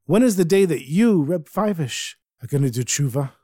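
A man putting on a solemn old rabbi with a firm, commanding delivery. The voice is fairly high for a man and recorded dry and close. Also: lively intonation, moderate pace, mellow, dry recording. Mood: insistent. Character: stern holy old rabbi, solemn messenger from heaven.

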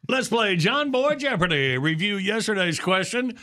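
A man's voice: high voice, normal speed. A man hosting a morning radio show, bantering casually and running a quiz segment. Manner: animated, jokey, runs the quiz segment.

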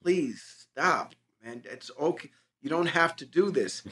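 A man's voice: a little high, expressive, measured pace, fairly bright tone, a little hiss or hum. Swearing man telling audition stories. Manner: loose, profane anecdotes with quoted dialogue. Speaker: actor, podcast guest. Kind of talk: casual storytelling chat.

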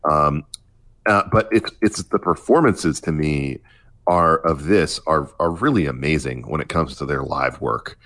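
A man with a very low, deep voice talks through a casual music conversation. He circles his points with fillers and repeated starts, sounding relaxed and unscripted. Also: a little slow. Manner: hesitant, many restarts and fillers. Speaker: podcast co-host.

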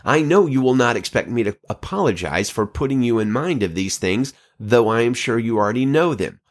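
A man hosting a podcast, reading scripture and an old letter aloud in a measured, earnest way with occasional stumbles. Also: medium pitch, lively intonation. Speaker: podcast host.

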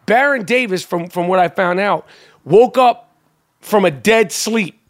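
On his podcast, a high-voiced male host tells a story at an unhurried pace. His manner is loose and animated, he swears freely, and he keeps tripping over fillers and starting sentences over.

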